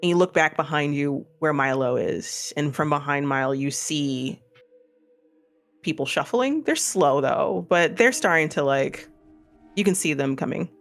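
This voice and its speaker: Narrating a tabletop horror game as its game master, a Missouri-accented man rambles casually at a measured pace. His voice is a little high and a bit bright, with faint music behind him.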